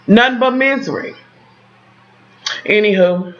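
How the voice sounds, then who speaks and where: A woman's voice: mid-range voice, measured pace, muffled recording. A woman recapping a TV episode for her viewers, dramatic and profane, talking straight to the camera. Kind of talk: animated casual recap.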